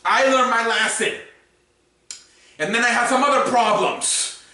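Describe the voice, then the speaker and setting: High, bright-voiced man ranting, echoey room. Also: a little slow. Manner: profane, repetitive, exasperated ranting. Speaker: YouTube sports commentator. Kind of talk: ranting commentary. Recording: very echoey room, far from mic.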